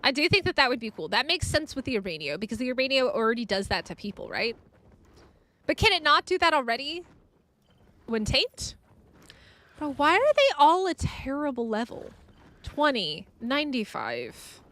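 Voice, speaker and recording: A woman gaming streamer with a high, bright voice that swings widely in pitch. She talks her way through her gameplay live, excitable and quick to burst into exclamations and laughter. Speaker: game streamer.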